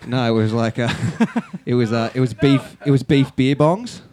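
A man's voice: mid-range voice, normal speed, darkish tone. A man with an Australian accent bantering between songs on a festival stage, laid-back and joking, laughing often. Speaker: band member.

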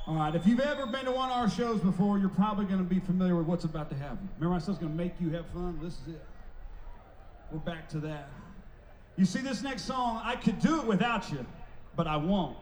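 A man fronting a band on an outdoor festival stage, talking to the crowd between songs like a showman, loud and playful. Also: sits high, fast, a little hiss or hum. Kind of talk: stage banter at a live concert. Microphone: stage microphone through a PA. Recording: echoey live festival PA sound.

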